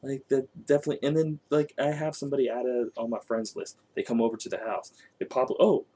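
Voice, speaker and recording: A man talking casually about video games in an animated way, laughing often and swearing. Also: mid-range voice, quick pace, slightly rough. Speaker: co-host. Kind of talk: casual gaming chat.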